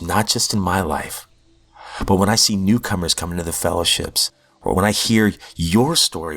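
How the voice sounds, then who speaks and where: A man hosting a recovery podcast shares his personal recovery testimony in an earnest, heartfelt, self-deprecating way. His voice is deep and a bit bright.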